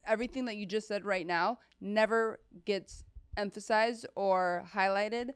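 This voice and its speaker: A woman's voice: medium pitch, fairly even intonation, unhurried, clear, resonant tone, no echo. A woman hosting a podcast, restating her guest's points with emphasis. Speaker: podcast host. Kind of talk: casual podcast chat.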